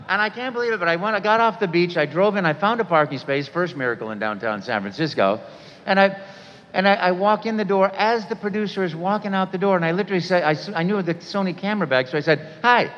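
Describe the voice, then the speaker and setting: A man, a voice actor, telling a story on stage in an animated way and voicing people in it. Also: high voice, quick pace. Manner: animated, voices other people in his stories. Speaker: voice actor guest. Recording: echoey hall, dull sound.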